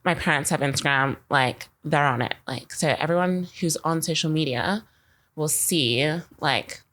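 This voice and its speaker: Low-voiced young woman, chatty and rambling. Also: measured pace, fairly bright tone. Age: young adult. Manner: chatty, rambling, uses "like" constantly. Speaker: marketing podcast co-host. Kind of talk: casual chat.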